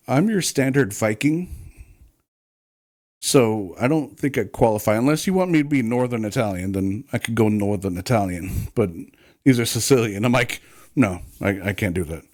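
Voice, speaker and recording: A man who once worked on film crews, chatting casually and telling long, profane stories. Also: medium pitch. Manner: swearing, rambling storyteller. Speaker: former film crew worker. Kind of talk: casual podcast chat.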